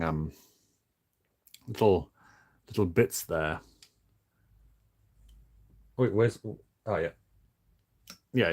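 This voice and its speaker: A man streaming casually while building toys, talking in a flat, monotone way with many halting restarts. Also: on the low side, husky. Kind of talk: casual livestream chat.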